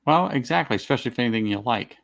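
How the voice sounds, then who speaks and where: A man's voice: mid-range voice, lively intonation, racing, gravelly, fairly bright tone. A man chatting casually on a stream, mostly giving short agreeing replies with some dry sarcasm. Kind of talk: casual chat on a live stream.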